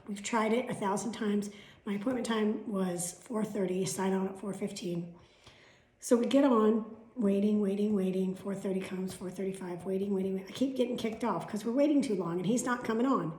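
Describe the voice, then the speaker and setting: A woman's voice: medium pitch, a little fast, darkish tone, roomy sound. A middle-aged woman vlogging in casual chat, telling stories bluntly with sarcasm and swearing. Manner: blunt, profane and sarcastic storytelling. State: has bronchitis.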